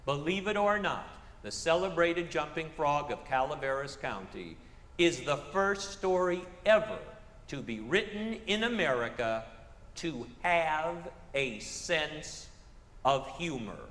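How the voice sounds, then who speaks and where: A man lectures with a high, lively voice that swoops up and down as he poses rhetorical questions and drops dry comic asides. The sound is roomy, with a long hall reverb trailing each phrase. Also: slow pace. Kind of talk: public lecture on literature. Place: stage of a theater.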